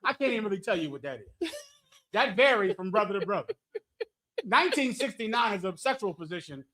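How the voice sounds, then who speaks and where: His high-sitting voice is very animated, brisk, pushed and bright. The man leads a scripture class, preaching to a live chat in a provocative, brash and jokey style packed with rhetorical questions, often laughing at his own gags.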